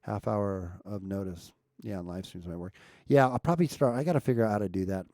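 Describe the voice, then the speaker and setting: Gravelly-voiced man chatting on a live stream. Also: on the low side, brisk, warm tone, no echo, studio quality. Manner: chatty, talks to viewers, fiddles with mic levels. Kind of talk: casual live stream chat. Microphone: streaming mic at home setup.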